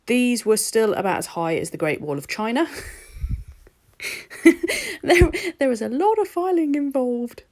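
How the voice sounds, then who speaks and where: A woman's voice: a little high, lively intonation, a little slow, long pauses, a little mellow. A woman narrating her nail art in a chatty, rambling voice-over recorded at home. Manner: chatty and rambling, with laughs and ums.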